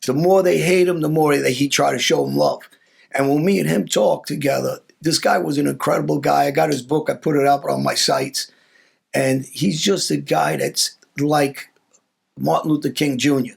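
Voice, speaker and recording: Male host, gravelly and husky, earnest opinionated talk. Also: a little high, normal speed. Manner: earnest, opinionated, repeating words. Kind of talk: casual conversation.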